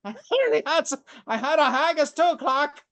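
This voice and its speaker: A man doing a frantic young guy on the run, the voice jumps well above his normal talk, urgent and breathless and played as a mock drama for laughs. a hammy, high-strung delivery that stays over the top from start to finish. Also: expressive, fairly quick, fairly bright tone. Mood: mock panic. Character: panicked young man urging a friend to flee.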